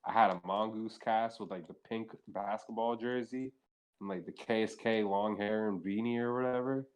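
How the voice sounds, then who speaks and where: A young man as a podcast guest, telling casual, rambling stories, swearing freely and saying "like" all the time. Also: fairly low pitch. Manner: rambling, profane, heavy use of filler "like". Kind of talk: casual storytelling chat.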